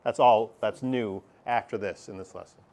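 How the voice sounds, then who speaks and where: A man's voice: lowish voice, normal speed, a little mellow. Joking conversational male math teacher. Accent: Canadian. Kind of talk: classroom lesson. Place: classroom.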